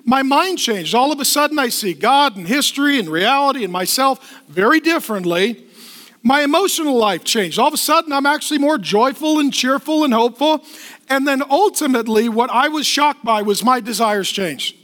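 A middle-aged man preaches a sermon in a strikingly high voice. He drives his points home with rhythmic repeated phrases and slips into lively, conversational stories. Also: normal speed. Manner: emphatic, rhythmic repetition with lively storytelling asides. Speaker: pastor.

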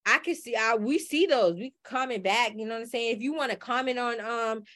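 A woman co-hosting a casual podcast, talking in a loose, slangy way and laughing often. Her voice sits a little high. The sound is dry and close, with no room around it. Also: brisk, a bit bright, dry recording. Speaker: podcast co-host. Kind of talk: casual chat.

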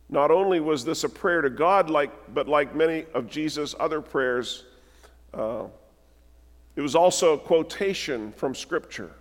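A man's voice, pitched a little above most men, preaches and reads scripture in a slow, deliberate way. His words ring out with a long reverb through a large church sanctuary. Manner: measured, deliberate reading with slowed emphasis. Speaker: pastor. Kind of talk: sermon with scripture reading.

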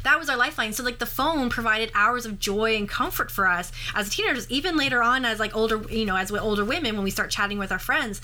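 A woman's voice: a little high, quick pace, few pauses, pushed and bright. A woman co-hosting a podcast in casual conversation, talking through her points with restarts and self-corrections. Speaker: podcast co-host. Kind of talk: casual chat.

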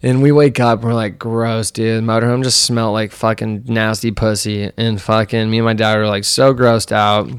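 Young male podcast host, smooth resonant voice, dry close sound, loose profane storyteller. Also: lowish voice, little pitch movement, normal speed, hardly any pauses, no echo. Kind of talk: casual storytelling chat.

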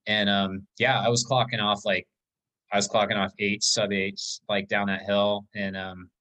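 A man's voice: fairly low pitch, level tone, normal speed, bright, forceful tone, rough recording. A man on a podcast, telling an emotional story about an ultramarathon in a casual, rambling way with many fillers.

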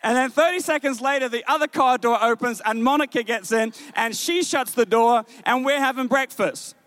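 A male pastor preaching a sermon, telling family stories with many restarts and rising to slow, emphatic exhortation. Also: clean tone, dry recording. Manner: animated storytelling, many repeated words and restarts; rises in pitch and slows when exhorting. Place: church stage.

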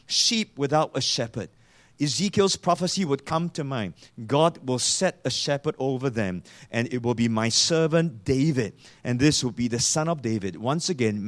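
A man preaching a sermon, quoting scripture and putting rhetorical questions to his congregation. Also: a little high. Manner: reads and quotes scripture in a raised voice.

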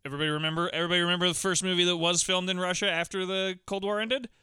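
A man's voice: high voice, steady tone, rapid-fire, sharp tone, smooth, no room sound, clean studio sound. A man co-hosting a podcast in casual, comedic chat; he giggles a lot and steers the talk. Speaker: podcast co-host.

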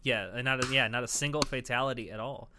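A man's voice: medium pitch, fairly even intonation, quick pace, pushed and bright, a little hiss or hum. A man co-hosting a casual podcast, animatedly recapping an episode and swearing freely as he acts out quoted lines. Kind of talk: casual chat.

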